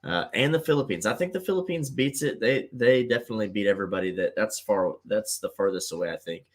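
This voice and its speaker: Rambling, lively-pitched man hosting. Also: fast talker. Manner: rambling, repeats himself, many fillers. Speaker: host of a live call-in show. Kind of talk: casual livestream chat.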